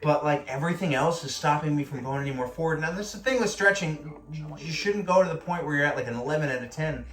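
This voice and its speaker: A man's voice: fairly high pitch, quick pace, few pauses, fairly bright tone, reverberant, soft background music. Groaning, whiny Australian man stretching. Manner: whiny, self-mocking, groaning through stretches. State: strained, out of breath. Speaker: fitness vlogger. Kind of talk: casual workout vlog.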